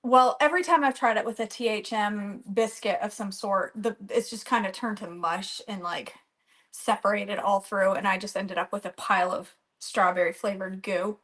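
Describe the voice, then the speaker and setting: A woman's voice: medium pitch, a bit bright. A woman hosting a live cooking stream from her home kitchen, chatting and rambling as she greets viewers by name. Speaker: cooking channel host.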